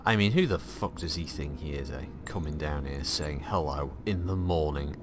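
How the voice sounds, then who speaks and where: A man's voice: very deep voice, moderate pace, noisy background, pitched below the performer's own voice. A man doing a put-on Irish accent, voicing a foul-mouthed, paranoid Irish man who mutters suspicious rants like a sitcom character. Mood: grumbling suspicious.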